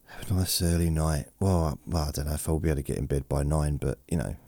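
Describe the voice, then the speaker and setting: A man rambles through a bedtime podcast in a deep, gravelly voice. He talks slowly and drowsily, wandering off topic with self-deprecating asides. The sound is dark, dry and close, processed to feel soothing. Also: no echo. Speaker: podcast host. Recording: processed close-mic studio voice.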